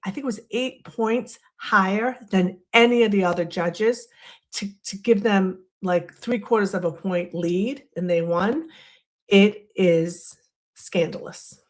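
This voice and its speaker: Chatty woman live-streaming from home. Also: medium pitch. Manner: chatty, rambling, talks to chat viewers. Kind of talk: casual live-stream chat.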